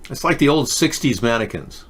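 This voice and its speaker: Man, show host, casual monologue, rambling and jokey, middle pitch. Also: expressive, brisk, breathy edge.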